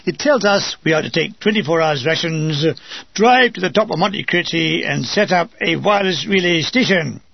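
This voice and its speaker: A man reading a wartime memoir aloud with dry comic timing, lively voices for the quoted soldiers. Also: on the high side, moderate pace, vocal fry, dry recording, muffled recording. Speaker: narrator.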